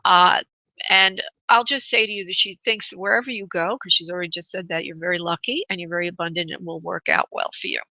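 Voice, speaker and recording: A woman's voice: fairly low pitch, steady tone, fast, sharp tone, no echo, highs cut off. A woman hosting a radio call-in show as a psychic medium, calling her callers honey and sweetheart.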